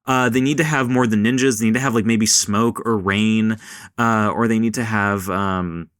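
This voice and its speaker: A man's voice: lowish voice, steady tone, moderate pace, a bit bright, smooth, dry recording. Guy rambling on his podcast, swears a lot, dry close sound. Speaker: podcast host. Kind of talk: casual chat.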